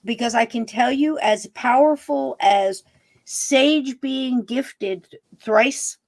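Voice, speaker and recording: Gravelly-voiced woman host, emphatic. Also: a little high, takes it slowly. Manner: emphatic, addresses listeners directly. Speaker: podcast host. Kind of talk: podcast interview talk.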